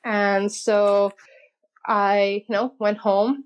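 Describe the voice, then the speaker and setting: A woman's voice: medium pitch, little pitch movement, extremely slow, clear, resonant tone, highs cut off. A woman in her twenties, an interview guest telling a personal story in a chatty way, laughing often and saying "like" a lot.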